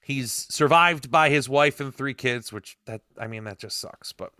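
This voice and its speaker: A man's voice: mid-range voice, measured pace, pushed and bright, dry recording, clean studio sound. A man hosting a casual show, talking loosely with lots of fillers. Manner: loose, filler-heavy, offhand. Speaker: podcast host. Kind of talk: casual chat.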